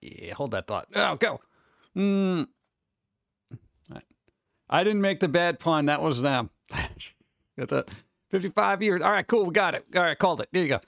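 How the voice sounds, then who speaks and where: Host excitable streamer guy, high voice, dry close sound, rambling chat. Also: moderate pace, gravelly, pauses often, no echo, dull audio. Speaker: livestream host. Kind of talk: casual live-stream chat.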